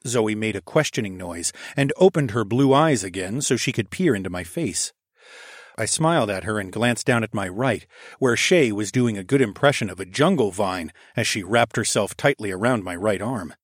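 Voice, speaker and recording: A man's voice: lowish voice, expressive, normal speed, no echo, clean studio sound. A man narrating a first-person romantic fantasy story, intimate and wry, switching between narration and dialogue. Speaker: audiobook narrator.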